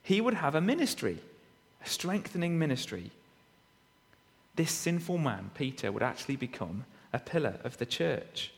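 A man's voice: fairly high pitch, very animated, moderate pace, creaky. A man preaching a sermon, reading and expounding scripture with frequent rhetorical tag questions. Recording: long reverb of a hall.

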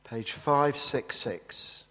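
A man's voice: mid-range voice, extremely slow, in a large hall. A male pastor preaching a sermon in an earnest, storytelling way. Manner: earnest, storytelling, hushed in prayer.

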